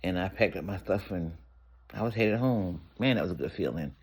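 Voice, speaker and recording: Man, deep voice, casual storytime vlogger, candid and conversational. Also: lively intonation, a little fast, slightly rough. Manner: candid, conversational, rambling with restarts.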